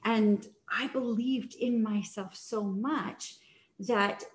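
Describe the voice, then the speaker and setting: A chatty woman coaching on selling, talking loosely with lots of fillers and restarts. Her voice sits in a middle pitch. The room around her is echoey. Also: fairly even intonation, slow. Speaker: sales coach. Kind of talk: casual teaching talk.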